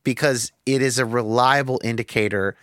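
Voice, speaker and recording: A man's voice: medium pitch, fairly even intonation, normal speed, a bit bright, clear, resonant tone, no room sound, clean studio sound. A man hosting a podcast, talking candidly and reflectively, thinking aloud with restarts and the odd swear word. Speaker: podcast host.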